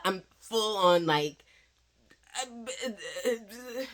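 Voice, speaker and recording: A young woman teacher telling a story in a casual vlog, chatty and animated, full of fillers. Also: mid-range voice, takes it slowly. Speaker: English teacher in Korea.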